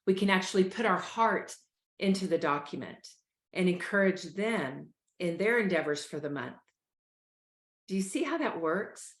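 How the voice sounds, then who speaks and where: A woman talks to the camera as a show host, earnest and encouraging as she coaches listeners through stress. Her voice sits at a middle pitch. The room around her adds a noticeable echo. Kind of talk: motivational talk to camera. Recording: roomy echo.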